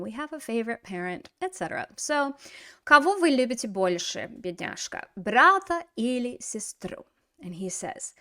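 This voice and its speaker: A woman's voice: on the high side, bright, forceful tone. American woman teaching with playful flair. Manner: playful, switching between English and Russian. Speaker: Russian language teacher. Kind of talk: online language lesson.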